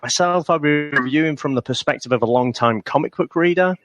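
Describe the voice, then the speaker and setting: A man's voice: medium pitch, brisk, a bit bright, no room sound. A man co-hosting a podcast in a jokey, casual chat, laughing often. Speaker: podcast co-host.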